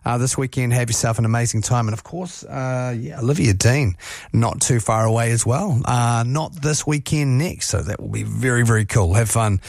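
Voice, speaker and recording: A man's voice: medium pitch, moderate pace, creaky, darkish tone, husky, dry recording, studio quality. A man hosting radio, chatting loosely between songs with plenty of fillers. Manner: chatty, rambling with many fillers. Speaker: radio host. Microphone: studio mic.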